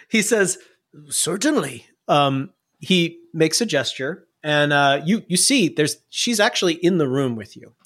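Relaxed man running a tabletop game. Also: a little high, a little slow, no room sound, clean studio sound. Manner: relaxed, rambling with fillers. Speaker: game master.

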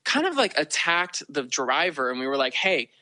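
A man's voice: on the high side, big pitch swings, normal speed, pushed and bright, dry recording. A man guest on a podcast, telling a long story in a rambling way, full of fillers and acted-out quotes. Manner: rambling, heavy use of "like", acts out quotes. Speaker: podcast guest, festival attendee. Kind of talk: casual storytelling.

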